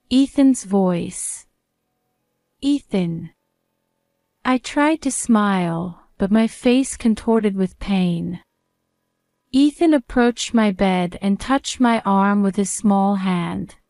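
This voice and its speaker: Female storyteller, first-person narration; calm, measured, very slow delivery, dry close sound. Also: medium pitch, clear, resonant tone, no echo.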